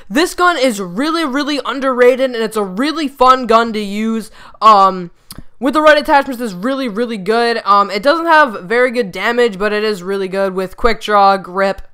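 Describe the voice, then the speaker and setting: Bright, smooth-voiced rambling gaming YouTuber. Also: mid-range voice, moderate pace. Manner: rambling, filler-heavy, repeats "really", stumbles over words. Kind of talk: casual gameplay commentary. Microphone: desktop USB microphone.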